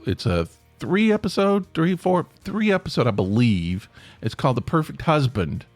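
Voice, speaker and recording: A man's voice: on the high side, very animated, moderate pace, no echo, soft background music. A man hosting a solo podcast in a casual, rambling way, often stopping and restarting his sentences. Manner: rambling, self-interrupting, chatty. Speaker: podcast host. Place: home near Atlanta.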